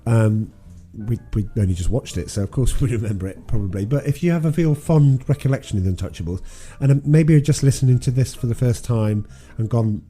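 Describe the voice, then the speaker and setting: Rambling man with a dark voice. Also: mid-range voice, brisk, hardly any pauses, slightly rough, soft background music. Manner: rambling retelling with many ums and restarts. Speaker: podcast co-host. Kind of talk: casual film recap chat.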